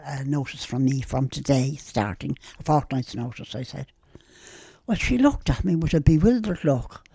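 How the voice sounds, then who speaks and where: Gravelly elderly Dublin woman reminiscing. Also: sits low, no echo. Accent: Dublin Irish. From Ireland. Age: older. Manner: lively and plain-spoken, acting out old conversations. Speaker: interviewee. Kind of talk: storytelling reminiscence.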